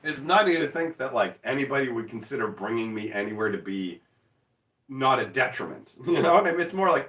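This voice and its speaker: A man in his forties chatting casually on a livestream, answering chat in a profane, excitable, self-mocking way. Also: medium pitch, fast talker, reverberant, far from the mic. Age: 40s.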